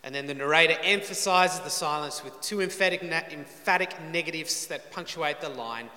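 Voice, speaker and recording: A man preaches, reading Bible verses with drama and breaking off for dry, joking asides. His voice is slightly high and bright, with a forceful edge. The sound is roomy, with a long hall reverb. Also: moderate pace, few pauses. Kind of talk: expository sermon.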